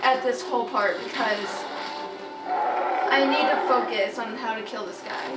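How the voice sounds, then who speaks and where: A woman casually narrating a video game playthrough, excitable and foul-mouthed, yelping and shouting at the game. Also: a little high, measured pace. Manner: excitable, swears a lot, yelps and shouts at the game. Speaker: gamer doing a playthrough. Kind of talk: casual let's play commentary. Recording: roomy, distant mic with game music. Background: video game music and sounds.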